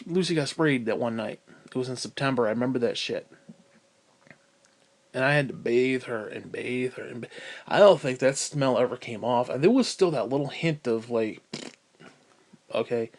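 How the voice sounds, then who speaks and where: A man in pain ranting angrily and profanely to camera, swinging between loud outbursts and low mutters. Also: moderate pace. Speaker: vlogger.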